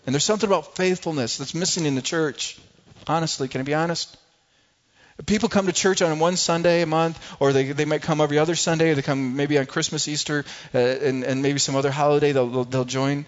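A man's voice: fairly high pitch, moderate pace, lo-fi sound. A man preaching a sermon as pastor, often restarting phrases and rising into pleading when he quotes prayers.

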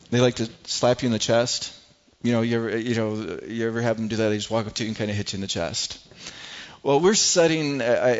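A man's voice: medium pitch, lo-fi sound. A middle-aged man preaching a sermon as pastor, earnest and prone to repeating words as he builds his points.

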